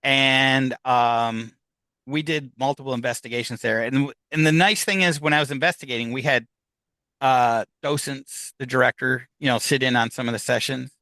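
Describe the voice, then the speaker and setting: A man tells of his ghost hunts in an easy conversational way, his tone bright and ringing. The sound is close and dry, with no room around it. He acts out the lines of the people in his stories. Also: medium pitch, normal speed, dry recording, poor audio. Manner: animated anecdotes, acts out quoted dialogue. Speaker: guest, paranormal investigator. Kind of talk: casual storytelling interview.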